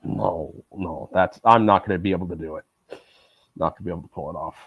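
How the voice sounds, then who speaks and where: A man's voice: sits low, quick pace, husky, no echo, phone-quality sound. A man streaming live, chatting casually in a rambling, sarcastic way with many filler words.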